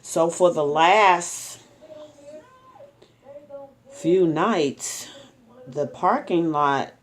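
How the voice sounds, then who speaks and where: A middle-aged woman vlogging at home, chatting to her followers in a rambling, story-telling way with ums and soft laughs. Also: fairly low pitch, drawn-out words. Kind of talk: casual chat to camera.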